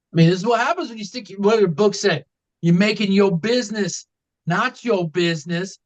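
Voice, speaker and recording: High-voiced man rambling about wrestling. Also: fairly bright tone, low-quality recording. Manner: rambling, many fillers and restarts. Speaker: podcast co-host. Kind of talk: casual wrestling talk.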